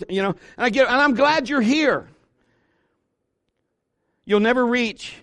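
A male pastor in his fifties preaching to his church, swinging from loud exhortation to quiet, intimate asides with humor. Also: sits high, no room sound, clean studio sound. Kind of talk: sermon. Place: church sanctuary.

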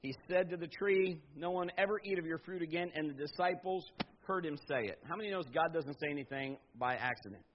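A middle-aged man preaching a sermon as pastor, swinging from loud emphatic bursts to low, quiet stretches. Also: slight background noise. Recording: slightly dull lo-fi sound.

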